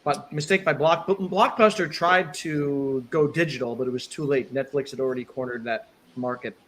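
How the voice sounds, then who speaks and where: A man's voice: medium pitch, fairly even intonation, normal speed, fairly bright tone, a little hiss or hum. A man chatting casually on a livestream panel, agreeable and talkative.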